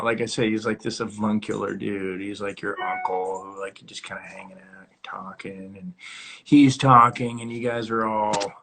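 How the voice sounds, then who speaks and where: A man hosts his own casual livestream from home on his phone, rambling and chatty, and now and then scolds his barking dog. His mid-range voice has vocal fry and a sharp tone.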